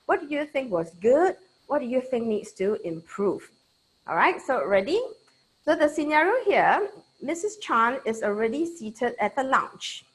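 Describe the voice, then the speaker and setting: A Singaporean woman leading a lively online training webinar, chatty and checking in with her audience. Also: sits high, unhurried, poor audio.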